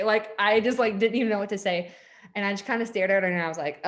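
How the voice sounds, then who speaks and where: A woman's voice: mid-range voice, brisk. A woman in her thirties telling her personal story in a candid, chatty way, full of "like" fillers, at home with children nearby. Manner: laughs when uncomfortable. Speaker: network marketing leader. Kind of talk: personal story told to an audience.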